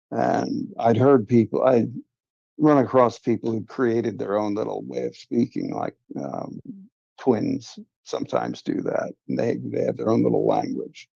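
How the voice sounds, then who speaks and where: A man's voice: medium pitch, creaky, mellow, husky, dry recording. A man hosting a livestream, earnestly recounting a personal experience in a casual, confiding way. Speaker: livestream host. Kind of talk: casual first-person storytelling. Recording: dull lo-fi stream audio.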